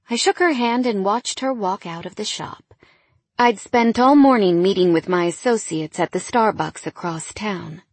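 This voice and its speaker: A woman narrating a first-person romance audiobook in an intimate, wistful way that often drops quiet. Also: fairly low pitch, moderate pace, breathy edge, no echo.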